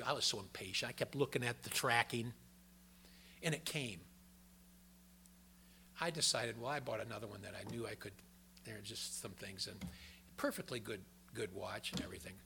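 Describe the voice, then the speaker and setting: An older man preaching a sermon in a folksy, conversational way, telling personal stories, with a gravelly voice. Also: medium pitch, bright, forceful tone, a little hiss or hum.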